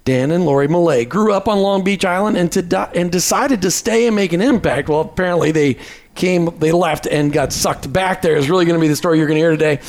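A man's voice: on the high side, fast. A man co-hosting a faith and work podcast, introducing guests with playful, teasing asides. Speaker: podcast co-host. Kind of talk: casual chat.

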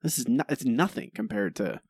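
Sardonic male podcast co-host, lively pitch. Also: brisk, slightly rough, dry recording, studio quality. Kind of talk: casual chat.

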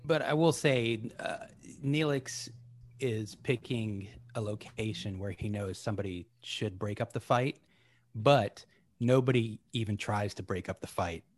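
Low-voiced easygoing man chatting. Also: measured pace, no room sound. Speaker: podcast co-host. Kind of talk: casual chat.

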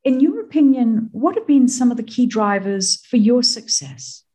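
A woman's voice: on the high side, expressive, moderate pace, mellow, breathy edge. A woman hosting a radio show, who affirms her guest and asks reflective questions. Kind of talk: radio interview.

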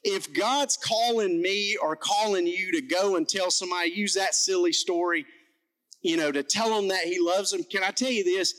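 A man preaching a sermon as pastor, telling a story in an animated, self-mocking way. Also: sits high, moderate pace, rough recording.

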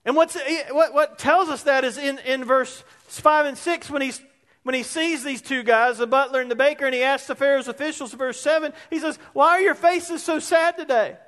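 A man's voice: very high-pitched, normal speed, a bit bright. A male pastor preaching a sermon in a conversational, emphatic way, weaving in personal stories.

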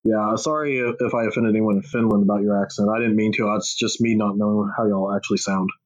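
A man's voice: on the low side, steady tone, fast talker. A man with a Texan accent, chatting casually as a podcast host, rambling, swearing freely and poking fun at himself. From Texas. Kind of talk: casual chat. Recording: dull lo-fi audio.

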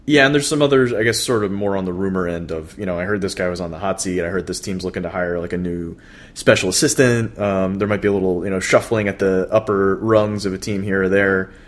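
A man co-hosting a podcast, talking baseball in a relaxed, chatty way with plenty of fillers and restarts. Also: low-pitched, fast. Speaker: podcast co-host. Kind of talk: casual baseball chat.

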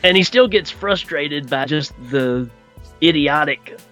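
A man's voice: fairly high pitch, a little slow, faint music behind. A man co-hosting a podcast, casually discussing film influences with many fillers. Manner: relaxed, hesitant with fillers, knowledgeable about film. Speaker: podcast co-host.

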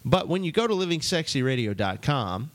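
A man's voice: a little high, very animated, brisk, no room sound. Joking male radio co-host. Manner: joking, playful. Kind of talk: casual radio banter.

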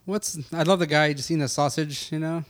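A man's voice: a little high, steady tone, brisk, a loud crowd. A man talking casually about a film, hesitant with many restarts and "uh"s. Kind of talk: casual movie commentary.

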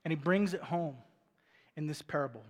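Male pastor, sermon, conversational preacher with a high voice, recorded with a long hall reverb. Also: normal speed. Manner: conversational preaching with rhetorical questions. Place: church stage before a congregation.

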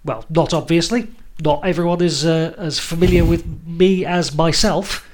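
A man's voice: a little high, steady tone, moderate pace. A man in his forties chatting as podcast co-host, hesitant and self-deprecating with many ums. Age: 40s. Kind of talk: casual chat.

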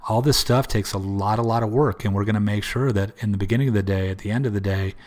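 A man's voice: fairly low pitch, quick pace, darkish tone. A man hosting a solo motivational podcast, earnest and repetitive, with many restarts, talking about prayer and faith. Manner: religious, speaks of prayer. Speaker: podcast host.

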